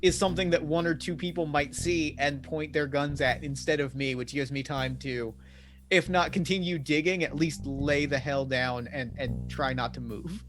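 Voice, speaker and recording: A man with a slightly high voice describing his character's actions in a tabletop game. He rambles and restarts as he thinks aloud. Faint music runs behind him. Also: moderate pace. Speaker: player.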